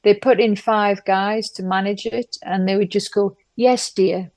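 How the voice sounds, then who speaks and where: Middle-aged English businesswoman, emphatic storyteller, steady mid voice, dry close mic. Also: mid-range voice, dry recording. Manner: brisk, emphatic storytelling with acted-out quotes. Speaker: interview guest, businesswoman. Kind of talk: candid conversational interview.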